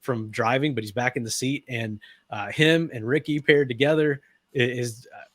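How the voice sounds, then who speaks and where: Man, co-host, rambling, excitable, dry close mic. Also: medium pitch, moderate pace, no echo. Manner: rambling, repeats words, excitable. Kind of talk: casual racing talk show.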